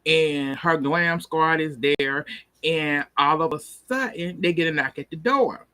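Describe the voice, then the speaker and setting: A man with a slightly high, bright and forceful voice, recapping a TV episode in a loose, chatty way. He is animated and laughs often as he walks through each scene. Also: measured pace. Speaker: TV episode reviewer.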